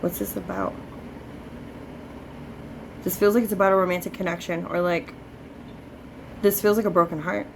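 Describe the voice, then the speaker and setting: Lowish-voiced woman giving a chatty psychic reading. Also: fairly even intonation, moderate pace, long pauses, background noise. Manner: chatty, full of fillers, swears freely. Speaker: psychic medium. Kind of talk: spirit reading session.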